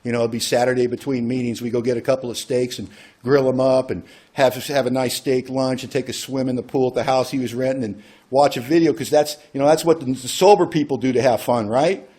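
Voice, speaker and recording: A man with a dark, mellow voice talks to a recovery group in a relaxed, conversational way. He tells a personal story and slips into the voices of the people in it. His pitch sits in an ordinary middle range. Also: fairly quick. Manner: conversational, acts out quoted dialogue. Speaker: AA workshop speaker.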